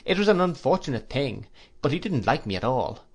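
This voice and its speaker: A man's voice: mid-range voice, pitched above the performer's own voice. A man doing a cheerful, modest young man. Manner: eager, lively and quick to laugh. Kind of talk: audiobook character voice.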